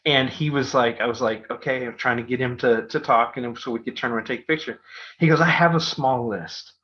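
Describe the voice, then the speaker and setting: A man's voice: medium pitch, fairly even intonation, fast talker, a bit bright. A middle-aged man hosting a podcast, telling a rambling story full of fillers and restarts. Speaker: podcast host. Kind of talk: casual storytelling. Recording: dull lo-fi podcast audio.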